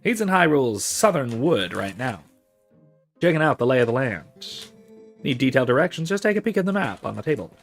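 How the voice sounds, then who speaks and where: A man's voice: mid-range voice, very animated, brisk, faint music behind, pitched above the performer's own voice. A man putting on a motherly tavern-keeper woman who calls everyone honey.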